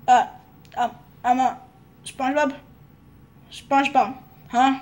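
A female speaker improvising a toy play-acting story with halting, hesitant speech. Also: on the high side, fairly even intonation.

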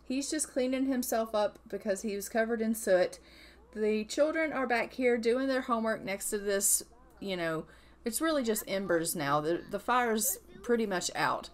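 A woman narrating her life-sim gameplay in casual, chatty style, sarcastic and quick to exclaim. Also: fairly high pitch. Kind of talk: casual let's-play narration.

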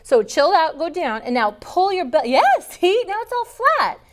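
A woman's voice: very high voice, sing-song, moderate pace. A woman teaching a yoga teacher training class, giving playful, upbeat posture cues and explanations.

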